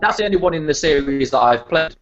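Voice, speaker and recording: A man, a guest on a casual stream, making quick joking remarks. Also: fairly high pitch, animated. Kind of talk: casual live-stream chat. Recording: dull lo-fi stream audio.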